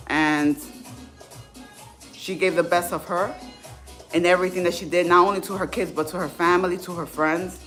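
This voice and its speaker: A woman's voice: on the low side, a bit bright. A woman in her thirties speaking candidly and from the heart in a casual livestream, as a fitness vlogger. Faint music plays behind her. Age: 30s.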